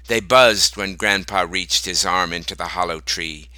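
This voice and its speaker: A man reading a short story aloud as narrator, slow and deliberate. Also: low-pitched, bright, forceful tone, no room sound, low-quality recording.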